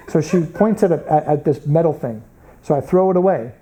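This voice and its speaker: A man's voice: on the high side, a little fast, warm tone, a little hiss or hum, low-quality recording. An American man teaching a Bible college class, lecturing through stories and acting out the people in them. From United States. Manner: storytelling, acts out quoted people.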